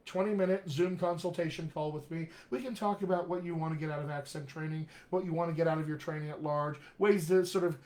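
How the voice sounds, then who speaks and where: A middle-aged man, a dialect coach, giving an energetic, jokey live-streamed lesson, often checking in with "all right?". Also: on the high side, fast talker, few pauses. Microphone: webcam or computer mic on a live video stream.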